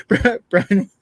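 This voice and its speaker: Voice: sits high, a bit bright, no room sound. Giggly podcast host reading comments. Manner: giggly, reads comments aloud. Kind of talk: casual chat.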